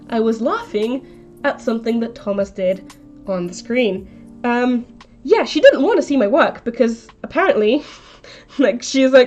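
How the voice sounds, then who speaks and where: Brief: young woman streamer, rambling and indignant storyteller, fairly high voice, soft music behind. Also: moderate pace, highs cut off. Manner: chatty, rambling, indignant retelling. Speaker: live streamer. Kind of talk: casual storytelling on a live stream.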